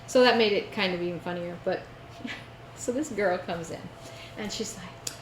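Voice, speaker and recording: A woman co-hosting a casual craft chat show, telling an animated story. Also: medium pitch, moderate pace. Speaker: co-host. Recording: echoey room with faint noise.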